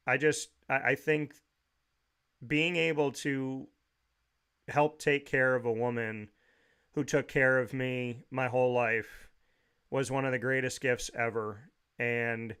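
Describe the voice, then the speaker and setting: A man's voice: mid-range voice, fairly bright tone, clear, resonant tone. A man hosting a talk show, telling heartfelt family memories in a rambling way with frequent restarts.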